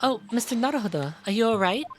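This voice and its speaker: A man's voice: extremely high pitch, animated, fast talker, faint music behind, voice pushed up. A man voicing an earnest, polite young woman assistant in a game. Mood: worried.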